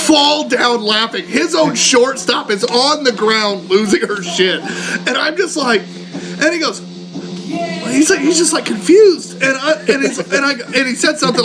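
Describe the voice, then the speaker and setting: Animated high-voiced man telling a loud story. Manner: animated storyteller, loud acted-out shouts and laughing. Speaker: podcast co-host. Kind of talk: casual beer-tasting chat.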